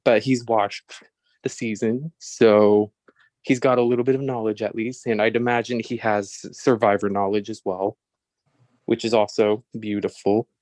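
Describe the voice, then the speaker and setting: A man's voice: on the low side, little pitch movement, normal speed, a little mellow, no room sound. A man on a casual panel, laid-back and wry. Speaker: panelist assessing new cast.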